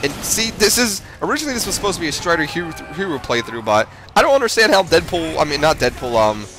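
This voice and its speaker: A man's voice: a little high, big pitch swings, quick pace, music in the background. A man giving rambling, self-deprecating gameplay commentary, full of fillers and restarts. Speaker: gamer.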